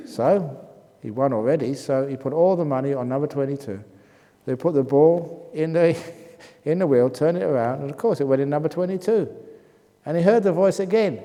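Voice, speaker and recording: A man's voice: on the high side, a little fast, dark tone. A man from England, a Buddhist monk, answering retreat questions with humorous stories. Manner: humorous anecdotal storytelling. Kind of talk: Q&A talk at a retreat. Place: meditation hall. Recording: long reverb in a hall.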